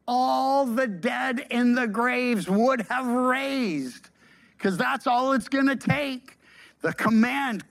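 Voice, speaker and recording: Male pastor, unhurried delivery, reads scripture and breaks into casual animated asides. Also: very high-pitched, gravelly. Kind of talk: sermon reading and commenting on scripture.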